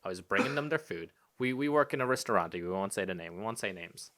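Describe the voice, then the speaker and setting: A young man in his twenties, raised in Spain, with an Irish accent that has an American tinge. He rants and swears freely on a casual podcast. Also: fast talker. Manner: animated ranting, swears freely, jumps high when exasperated. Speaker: podcast co-host.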